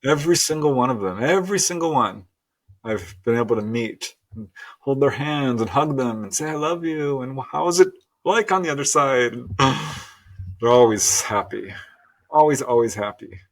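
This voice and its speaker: A middle-aged man as a guest, telling a personal story earnestly and with animated laughs. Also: medium pitch, moderate pace. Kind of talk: storytelling interview.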